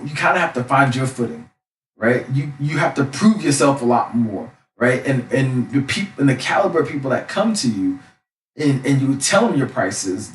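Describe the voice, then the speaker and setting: A young man talks in a loud, passionate voice at a middle pitch. He keeps checking in with tag questions as he goes. The sound is roomy, as if the mic sits some distance away. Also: a little hiss or hum. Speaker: life coach. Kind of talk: casual monologue.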